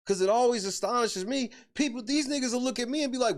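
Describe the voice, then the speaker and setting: A man's voice: extremely high pitch, quick pace. A man hosting a podcast, ranting casually with lots of profanity and laughing between his points. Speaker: podcast host.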